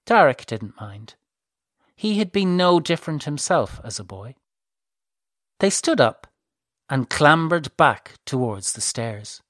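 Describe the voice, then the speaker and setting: A narrator reading a novel aloud in a measured, even way. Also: mid-range voice, dry recording, clean studio sound. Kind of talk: scripted audiobook narration.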